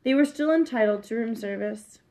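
A woman reading a children's book aloud, plain and steady, with small slips. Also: fairly high pitch, brisk, rough recording. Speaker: reader.

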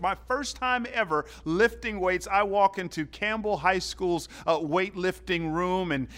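A man from the southern United States preaching a sermon, telling stories in an animated way and swinging between loud and hushed. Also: sits high. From southern United States (Atlanta). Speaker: pastor.

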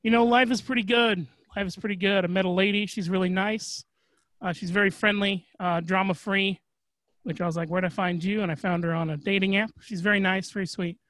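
A man chatting on a podcast, relaxed and a bit bashful, with many hesitant fillers. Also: sits high, brisk, no room sound, poor audio. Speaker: podcast guest. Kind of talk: casual podcast chat.

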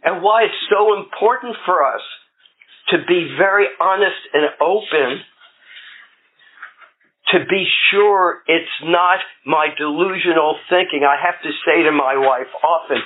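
A man's voice: on the high side, a little slow. A middle-aged man speaking at a recovery meeting, telling plain-spoken stories with self-deprecating humor. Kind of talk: personal recovery talk. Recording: phone-like lo-fi with faint hiss.

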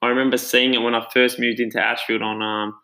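A man's voice: mid-range voice, flat delivery, quick pace, pushed and bright, rough recording. An Australian man who runs a gym tells his own story in a casual, earnest and reflective way. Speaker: gym owner and trainer.

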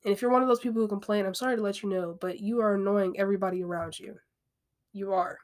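A woman's voice: mid-range voice, fairly even intonation, fast, darkish tone. Candid woman hosting a self-help podcast. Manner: candid and conversational, with frequent asides and repeats. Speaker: podcast host. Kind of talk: casual self-help monologue.

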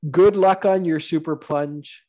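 Supportive male host with a slightly high voice, chatting casually with a guest. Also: measured pace, warm tone. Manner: encouraging, supportive. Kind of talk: casual interview chat.

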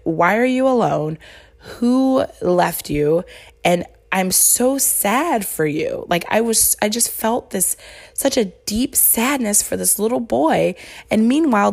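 A woman's voice: medium pitch, vocal fry. A woman podcast host telling a personal story in a casual, heartfelt way, rambling with many fillers and restarts. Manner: earnest and heartfelt.

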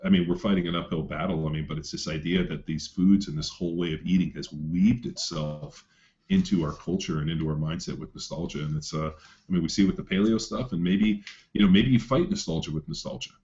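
Deep and low, a man talks loosely and at length, swearing freely and leaning on fillers like a coach swapping stories. The sound is dull and lo-fi, as if from a cheap podcast mic. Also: a little fast, a little mellow, slight background noise. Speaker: coach telling a client story. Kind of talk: casual podcast chat.

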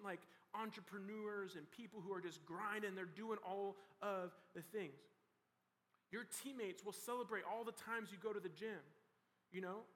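A young man preaches to students in a relaxed, conversational way, peppering his talk with fillers. His voice sits high and bright. It rings out with a long reverb through a large hall. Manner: casual and conversational, full of "like" and "you know". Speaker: youth pastor. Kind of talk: youth sermon.

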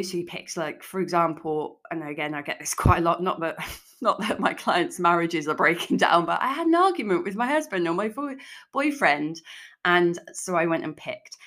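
A woman's voice: lowish voice, a bit bright. A woman hosting her own podcast as a food coach, talking casually and frankly with lots of "like". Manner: chatty, frank, peppered with "like". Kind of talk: casual solo podcast talk.

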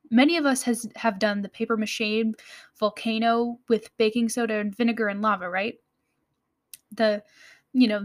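An American woman hosting a baking podcast. Her voice sits a little high, and she explains in a friendly manner with light laughs and the odd self-correction. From United States. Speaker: podcast host. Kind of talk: scripted podcast narration.

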